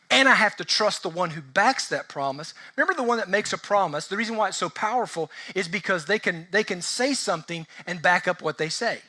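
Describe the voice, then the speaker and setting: Bright, high-voiced preaching pastor. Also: male voice. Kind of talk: sermon. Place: church sanctuary.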